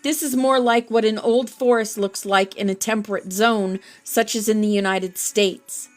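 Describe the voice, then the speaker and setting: A woman's voice: medium pitch, fairly even intonation, moderate pace, soft background music, natural voice. Friendly, fit middle-aged male researcher read by a woman, plain reading. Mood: earnest. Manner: plain reading, hardly changed from her narration.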